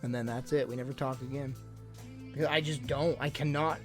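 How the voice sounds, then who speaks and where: A man's voice: medium pitch, fairly even intonation, fairly quick, music in the background. A man livestreamer chatting casually to his audience, telling stories in a blunt, rambling way. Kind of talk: casual chat to a live stream audience.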